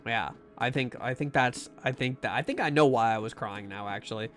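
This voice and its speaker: A man's voice: mid-range voice, a little fast, fairly bright tone, faint music behind. A young man streaming a horror game, chatting to his viewers in a rambling, jokey way with many restarts and asides. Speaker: livestreamer playing a horror game. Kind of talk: casual gameplay commentary to chat.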